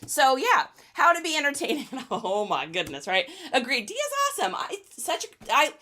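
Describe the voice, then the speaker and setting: Woman chatting on a reseller livestream, bright lively voice, bouncing all over. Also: moderate pace. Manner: high-energy, chatty, reads out viewer names. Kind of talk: casual livestream chat while packing orders.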